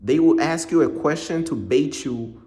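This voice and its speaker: A man's voice: fairly high pitch, normal speed, dark tone. A man preaching in a casual monologue, blunt and repetitive, full of street slang.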